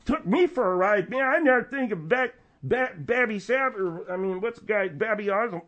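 A slow-witted, easily confused man, as a host puts him on, who mumbles and trips over his words. His voice sits very high. It is a radio comedy character. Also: lively intonation, a bit bright, highs cut off. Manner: mumbling, halting, muddled.

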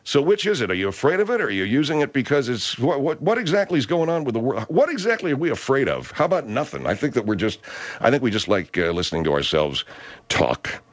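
Animated talk radio host, a man. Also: mid-range voice, fast. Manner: animated, riffing, comic exaggeration.

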